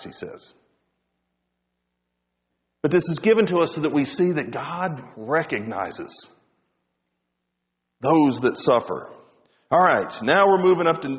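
A man's voice: medium pitch, animated, normal speed, pauses often, long reverb tail, muffled recording. A man preaching a sermon as pastor, rising and dropping his voice for emphasis.

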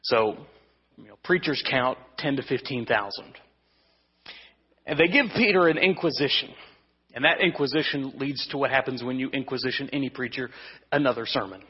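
Male pastor, casual conversational preaching, husky voice, lo-fi hall recording. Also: medium pitch, moderate pace. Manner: conversational preaching with restarts and humor. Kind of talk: evening sermon.

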